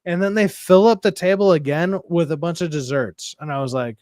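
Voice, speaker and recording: A man hosting a casual stream chat, his voice pitched a little high and recorded dry and close. He tells stories in a loose, profane, animated way, full of restarts. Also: fairly quick, hardly any pauses, dry recording. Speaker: stream host.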